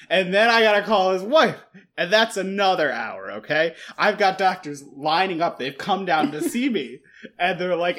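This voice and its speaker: A man with a lively, swooping voice spins a deadpan comic rant about his job. His pitch sits a touch high, and he sounds fed up in a playful way, cursing freely as he goes. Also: moderate pace. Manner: animated, exasperated storytelling with swearing. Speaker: radiologist in a comedy sketch. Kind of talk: deadpan comedic chat.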